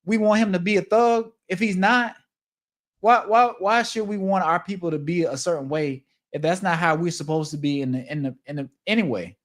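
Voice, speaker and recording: A man's voice: high voice, fairly quick. A man co-hosting a casual talk show, earnestly arguing his point and defending others. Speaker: podcast co-host.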